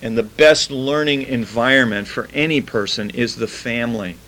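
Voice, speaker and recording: A man giving an informal Bible teaching, chatting plainly between slow, deliberate scripture readings. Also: mid-range voice, a bit bright, rough recording. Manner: conversational, reads scripture slowly, repeats key words. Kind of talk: informal sermon.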